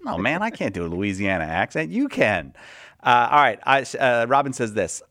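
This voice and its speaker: A man's voice: medium pitch, normal speed, no echo, clean studio sound. A man hosting a radio call-in show, joking and bantering as he reads out listener questions. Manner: jokey, animated banter.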